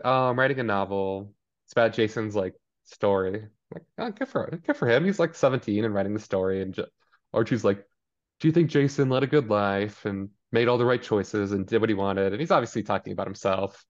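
A man co-hosting a podcast, casually recapping a TV episode and acting out the characters in quick, animated asides. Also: lowish voice. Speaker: podcast co-host. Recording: dull lo-fi sound.

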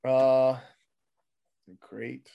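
A man with a voice gone hoarse, casually recapping a wrestling show with a friend, swearing freely and mimicking people in quick bits. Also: medium pitch, little pitch movement, dull audio. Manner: loose, profane, mimics people in quick bits, trails off mumbling. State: losing his voice. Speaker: podcast host recapping wrestling. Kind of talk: casual chat.

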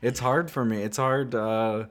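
A man's voice: mid-range voice, steady tone, measured pace. A man co-hosting a casual podcast over a call, wry and hesitant, with many fillers. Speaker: podcast co-host. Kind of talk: casual chat.

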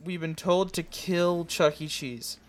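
A woman's voice: lowish voice, steady tone, slow. A woman playing a tabletop game with friends, sounding exasperated as she takes charge of the group. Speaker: player. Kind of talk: casual tabletop game chat.

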